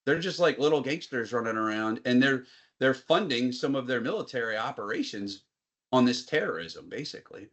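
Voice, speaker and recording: Chatty, animated man on a webinar. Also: medium pitch, brisk. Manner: chatty, animated, acts out quotes. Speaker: guest, IT business owner. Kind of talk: casual webinar conversation.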